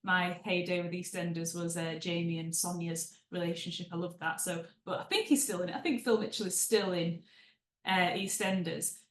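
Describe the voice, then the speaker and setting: A woman's voice: fairly low pitch, steady tone, normal speed, reverberant. A woman giving a webinar on report writing, explaining tips in a conversational way with chatty asides. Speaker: writing trainer and proofreader. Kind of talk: webinar teaching.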